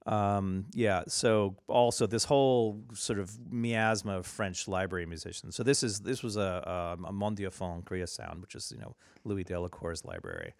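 A man co-hosting a radio show, chatting casually about records in a rambling way full of fillers, often trailing off quietly. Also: low-pitched, expressive, moderate pace, vocal fry, hardly any pauses, no room sound, clean studio sound. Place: radio studio.

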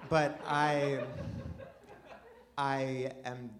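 A man doing a stand-up set, rambling and self-deprecating, swinging from mumbled asides to shouted bursts, with audience laughter behind him. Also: medium pitch, level tone, drawn-out words. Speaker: stand-up comedian. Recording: live club mic with audience noise.

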